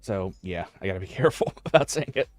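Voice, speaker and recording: A man's voice: low voice, lively intonation, fast talker, dry recording, faint music behind. A man with a US West Coast accent, chatting casually as a streamer in a rambling way with many fillers and restarts. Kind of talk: casual chat.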